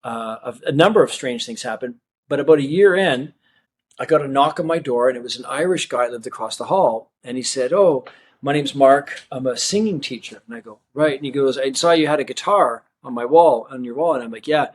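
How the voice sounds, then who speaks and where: A man's voice: mid-range voice, fairly quick, slight background noise. A man, a magician, telling a long personal story in a casual interview and acting out the people he quotes. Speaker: magician and guest.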